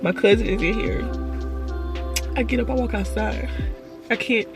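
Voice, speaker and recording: A woman's voice: fairly high pitch, moderate pace, music in the background. A woman vlogging at home, crying and talking in rambling, repetitive bursts with stumbling restarts. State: tearful, crying. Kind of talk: emotional personal vlog.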